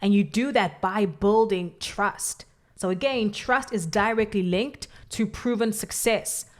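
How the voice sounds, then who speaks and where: A woman co-hosting a business podcast, explaining leadership in a steady, measured way. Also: medium pitch. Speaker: podcast co-host. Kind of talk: coaching podcast talk.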